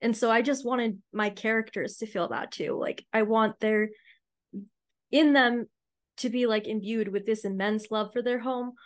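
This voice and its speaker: A woman's voice: a little high, moderate pace. A woman author speaking about her book over a video call, thoughtful and heartfelt, with many fillers. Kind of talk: virtual book launch conversation.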